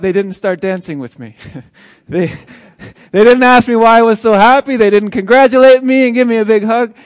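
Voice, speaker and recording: Excited and joyful, a man acts out the story of an earnest man healed from paralysis as a first-person dramatic monologue. His fairly high voice stays close to everyday speech and he chuckles along, captured in a dry, close recording free of room echo.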